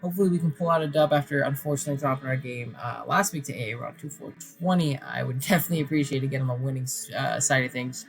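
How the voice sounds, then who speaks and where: Late at night, a tired man talks casually about his game plan in a gravelly, mid-range voice, very fast and with hardly any pauses. A competitive player and channel host, he mumbles and rambles with many fillers as faint music plays in the background.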